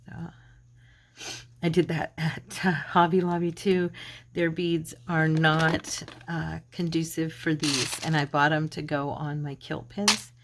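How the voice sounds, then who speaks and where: Low-pitched and flat, her slow delivery carries a bit of background noise. She's a middle-aged Arizona woman hosting a craft channel, chatting casually and talking to herself through the tutorial.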